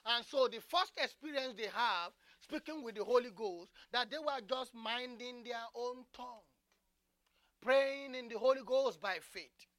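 Bright-voiced fervent preacher praying in tongues. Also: medium pitch, measured pace, no room sound. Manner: fervent, repetitive, bursts of loud tongues.

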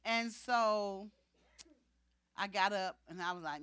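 A woman preacher telling a personal testimony in a sermon, animated and acting out the dialogue. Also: medium pitch, takes it slowly, pauses often, smooth, dry recording.

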